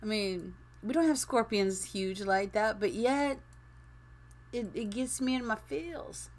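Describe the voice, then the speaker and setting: A woman's voice: mid-range voice, slow pace. Casual woman streamer in her fifties, rambling and laughing as she plays. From Phoenix, Arizona. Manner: chatty, rambling, laughs often. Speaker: streamer and game builder. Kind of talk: casual chat while gaming.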